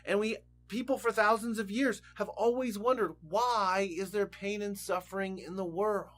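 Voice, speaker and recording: A high-pitched man teaches a Bible lesson as vivid storytelling and paints each scene like a movie. Faint music plays softly behind him.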